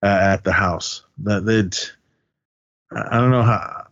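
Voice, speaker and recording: Over dull-sounding audio, a man with a lowish, gravelly voice takes his time as he co-hosts a podcast. He casually walks through movie scenes, laughing often and animatedly voicing the characters' lines.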